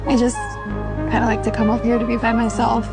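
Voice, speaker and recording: A woman acting in an ad, playing a shy young woman who speaks softly and hesitantly. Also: fairly high pitch, monotone, a little fast, lightly acted. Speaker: actor in an ad. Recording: ad clip over loud music.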